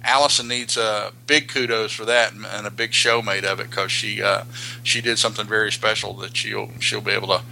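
A man with a gravelly, bright, forward voice, chatting as a podcast co-host. He talks in loose, rambling stretches full of restarts and filler words. A faint hum sits under the recording. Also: on the low side, steady tone, fairly quick, low-quality recording. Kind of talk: casual podcast chat.

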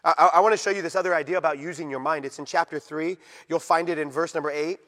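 A man's voice: on the high side, steady tone, fast, fairly bright tone. A male pastor preaching a sermon, emphatic and repetitive, pressing the congregation with rhetorical questions. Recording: long echoey hall reverb.

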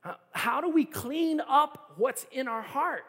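Middle-aged male pastor, high tenor, earnest and emphatic preaching, long hall reverb. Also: animated, takes it slowly, a bit bright. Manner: earnest storytelling, building to emphatic repeated appeals. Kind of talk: sermon. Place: church sanctuary.

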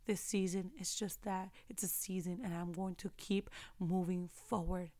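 A woman's voice: fairly low pitch, steady tone, normal speed, few pauses, mellow. A young woman giving a passionate faith-based motivational talk, preaching and repeating phrases for emphasis. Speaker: faith vlogger.

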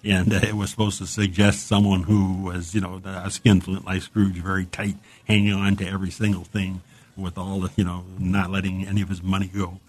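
A low-pitched man talks about books in a loose, chatty way. He wanders from thought to thought, full of enthusiasm, and sometimes stops to read a passage aloud. His tone stays conversational throughout. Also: level tone, fairly quick, darkish tone. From United States. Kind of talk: casual chat about books.

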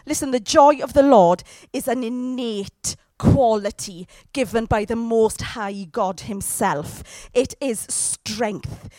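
A woman preaches a sermon, throwing direct questions at her congregation as she goes. Her voice sits fairly high, and the sound is dry and close. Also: unhurried, hardly any pauses, a little mellow, no echo.

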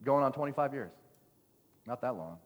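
In a church sanctuary with long, echoing reverb, a pastor with a mid-range, expressive voice preaches at a moderate pace. His sermon is lively and playful, built around a story, and he jokes with the congregation as he tells it.

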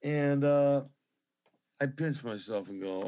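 A man's voice: medium pitch, animated, moderate pace. Effusive middle-aged man on a video call. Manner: effusive, rambling, reverent. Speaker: musician guest. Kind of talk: casual interview chat.

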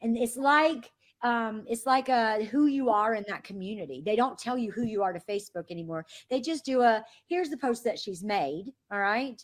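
Lively woman running a training. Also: on the high side, moderate pace, few pauses. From American South. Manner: animated, acts out quoted messages in voices. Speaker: sales trainer. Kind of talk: training call. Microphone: phone or call line.

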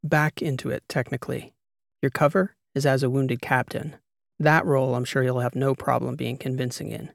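A man reading an audiobook voices a composed female spy handler in a measured, matter-of-fact way. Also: medium pitch, flat delivery, vocal fry, no room sound, clean studio sound, natural voice. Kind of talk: audiobook character voice.

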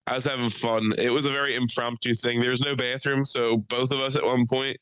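A young man co-hosting a podcast in casual chat, an animated, rambling storyteller who swears freely. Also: medium pitch, fairly quick, smooth, dry recording, low-quality recording. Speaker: podcast co-host.

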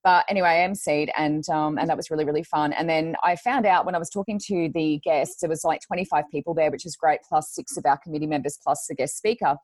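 Lively woman, low voice. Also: fast, few pauses, no room sound. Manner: animated storyteller who acts out quotes. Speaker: podcast co-host. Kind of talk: casual podcast chat.

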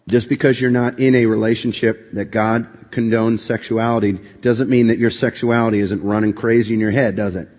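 A man preaching a sermon to his congregation, animated and full of rhetorical questions. His voice rings out with a long reverb in a large hall. The recording is dull and lo-fi. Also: medium pitch. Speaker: pastor. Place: church sanctuary.

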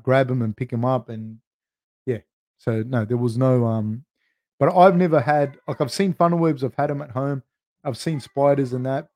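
Casual Australian man, mellow voice. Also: medium pitch, dry recording, studio quality. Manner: loose and chatty, swearing, calls listeners dude and man. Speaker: podcast host answering live chat questions. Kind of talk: casual live-stream Q&A.

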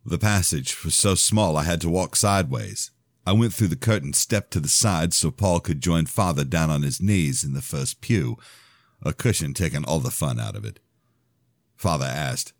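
A man narrating his own novel aloud in an expressive first-person telling. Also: a bass voice, normal speed, no room sound, studio quality. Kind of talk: audiobook-style fiction reading.

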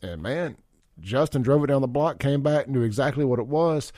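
A man hosting a radio talk show, telling stories in a blunt, animated way. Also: medium pitch, moderate pace, no echo, studio quality. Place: radio studio.

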